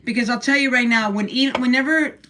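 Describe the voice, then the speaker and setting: A woman's voice: on the high side, brisk, pushed and bright, a little hiss or hum. An older woman hosting a casual livestream from her room at home, blunt and profane as she rants. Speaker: livestream host.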